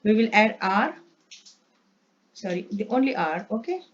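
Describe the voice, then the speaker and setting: A woman's voice: mid-range voice, lively intonation, unhurried. A woman teaching an English grammar lesson, reading out word lists patiently and correcting herself as she goes. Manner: patient, repeats words, corrects herself with "sorry". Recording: dull lo-fi recording.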